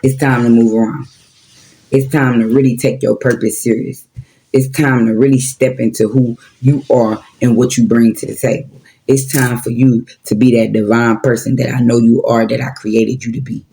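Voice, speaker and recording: A man's voice: mid-range voice, little pitch movement, moderate pace, vocal fry, mellow. A man in his forties giving a casual, preachy spiritual talk with slang and profanity, repeating his points. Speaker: spiritual vlogger.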